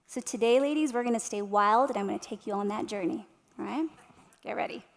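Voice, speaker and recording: Her voice is brisk, gravelly and fairly high, with a little background noise in the mix. A woman in her thirties, she animates her stories during a motivational keynote, using tag questions to speak directly to listeners as the large arts-center hall echoes with long reverb.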